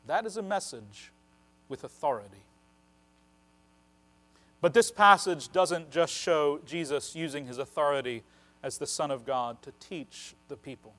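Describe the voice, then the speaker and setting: A man preaching a sermon, earnest and emphatic, slowing down to stress key phrases. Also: on the high side, expressive, a bit bright.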